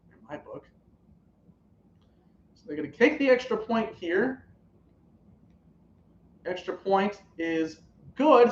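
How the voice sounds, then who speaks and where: A young man streaming live reactions to a football game, calling plays and shouting at big moments. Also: high voice, a little hiss or hum. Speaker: sports streamer. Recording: roomy, dull lo-fi live stream audio.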